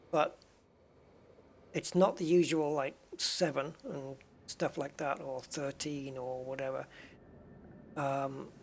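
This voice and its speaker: Sitting at his desk and playing, a streamer with a gravelly, slightly husky voice pitched a little high works through chat messages in a loose live-stream conversation. He drifts onto tangents and teases himself while replying to viewers.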